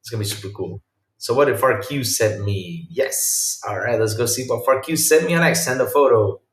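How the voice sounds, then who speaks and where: A man's voice: medium pitch, moderate pace, reverberant. A man hosting a gaming podcast, chatting casually and reacting to live chat, laughing often and repeating himself.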